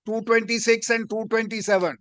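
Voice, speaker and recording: A male lawyer makes his formal submission in a courtroom, courteous and insistent. His voice sits high and sounds smooth and resonant, recorded dry with little room sound. He punctuates almost every phrase with a respectful "my lord". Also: little pitch movement, a little fast, a bit bright, no room sound. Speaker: advocate.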